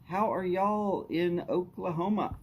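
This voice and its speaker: A man's voice: high voice, a little slow, slight background noise. A man, casually chatting with viewers on his live stream, greeting them by name in an easy drawl. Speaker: livestream host. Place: outdoors at his house.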